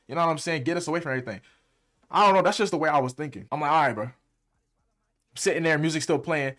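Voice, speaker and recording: A young man, a music producer and streamer, telling a story in a fast, heated, slang-heavy way. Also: on the high side. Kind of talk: casual storytime.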